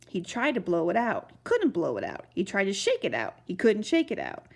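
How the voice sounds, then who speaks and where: A woman's voice: mid-range voice, brisk, creaky, few pauses. A woman expressively reading a children's storybook aloud. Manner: expressive, animated narration.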